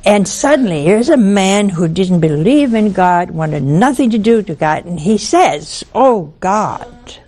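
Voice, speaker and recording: Speaking a little slowly with few pauses, this woman has a dark-toned, mid-range voice and lively intonation. She narrates a story on a religious broadcast in an earnest, preachy way, emphasizing and repeating lines for effect.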